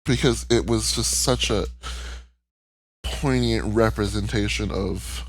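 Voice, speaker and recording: He has a lowish voice and a slow pace. As a podcast co-host in a casual cartoon recap, he talks with candor and emotion and doesn't hold back on the swearing.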